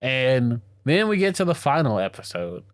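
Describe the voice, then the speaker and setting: Excitable man recapping a story, dry close sound. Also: mid-range voice, moderate pace, no echo. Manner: excited, slangy storytelling, acting out lines. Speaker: podcast co-host. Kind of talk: casual anime recap chat.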